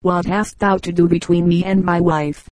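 A woman's voice: lowish voice, flat delivery, normal speed, a little mellow, no echo, lightly acted. A woman reading the lines of a treacherous, jealous male knight with sullen, archaic speech.

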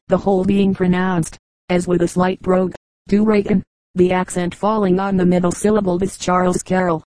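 A woman narrates an audiobook in a low, mellow voice. Her reading is measured and steady, with little rise and fall. The sound is dry and close. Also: no echo, rough recording. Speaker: audiobook reader. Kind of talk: scripted narration.

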